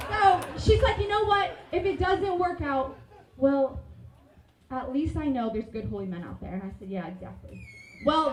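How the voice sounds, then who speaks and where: High-voiced young woman giving a toast. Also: slight background noise. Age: 20s. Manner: animated storytelling, giggling often. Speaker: maid of honor. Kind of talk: wedding toast. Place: wedding reception hall. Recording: roomy reception hall, voice from a distance.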